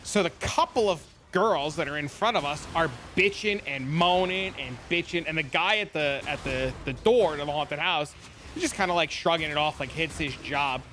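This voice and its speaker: Brief: young male streamer, New Jersey accent, high lively voice, bright, swears a lot, faint room noise. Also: moderate pace. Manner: animated, profane, gets loud and high when retelling arguments. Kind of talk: casual storytelling to chat.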